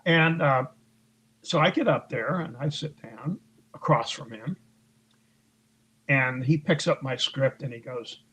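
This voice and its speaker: Speaking slowly with long pauses, this man has a mid-range voice that's a bit bright and husky, and the recording is rough. As an interviewed author, he tells a lengthy story in a conversational way, using raised voices for other people's lines, with frequent fillers and false starts.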